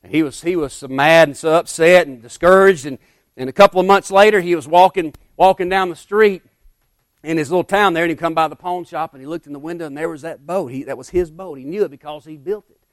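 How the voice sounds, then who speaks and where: A man preaching a sermon as pastor, repeating his phrases with emphasis, calling out "Amen", and dropping from loud to hushed. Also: a little high, fast talker, no echo.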